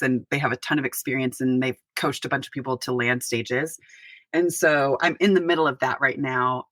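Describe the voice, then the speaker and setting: A woman pastor in middle age talks as a podcast guest. Her voice sits low and the sound is dry and close. She speaks earnestly and reflectively, pausing to find her words. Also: fairly bright tone, no room sound. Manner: earnest, reflective, with pauses and restarts. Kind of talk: podcast interview.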